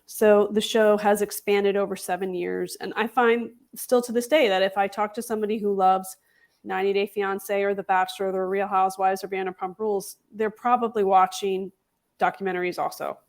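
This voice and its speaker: A woman's voice: mid-range voice, little pitch movement, brisk. A woman guest in an interview, articulate and assured, explaining her views at length. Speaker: podcast host guest. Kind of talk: interview answers.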